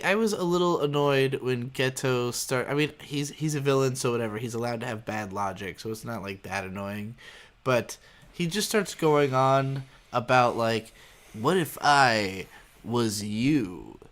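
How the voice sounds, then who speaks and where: Speaking a bit slowly in a medium-pitched, fairly bright voice, a man hosts a relaxed anime podcast. His scene recaps ramble, packed with filler words and false starts, and he drops swear words for emphasis.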